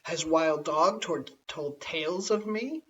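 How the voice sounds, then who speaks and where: A man's voice: high voice, moderate pace, a bit bright, slight background noise. A man voicing a proud, sly male cat who walks by himself, speaking in a haughty, wheedling way, in a bedtime story reading. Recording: slightly distant, dull lo-fi home recording.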